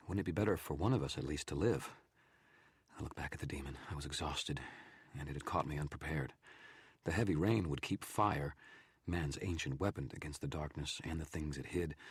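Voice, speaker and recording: A man narrating a fantasy novel aloud in steady first person on a live stream. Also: rumbling low, husky, dry recording.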